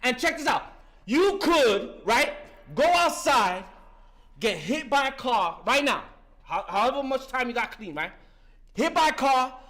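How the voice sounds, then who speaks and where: A man's voice: very high-pitched, fairly bright tone. A man in his fifties giving a fervent, profane share at a recovery meeting, talking street-style and breaking in with "listen" again and again. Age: 50s.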